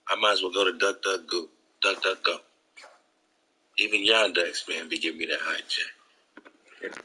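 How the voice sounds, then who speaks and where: A man's voice: sits low, pushed and bright, breathy edge, low-quality recording. A man hosting his own vlog in casual, slangy talk, emphatic and a bit preachy, often tacking "man" onto his sentences. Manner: slangy, keeps saying "man". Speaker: vlog host.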